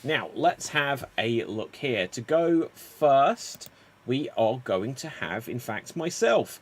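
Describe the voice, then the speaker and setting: A man hosting a live-streamed improv show, explaining games in an upbeat, brisk way. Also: medium pitch, very animated.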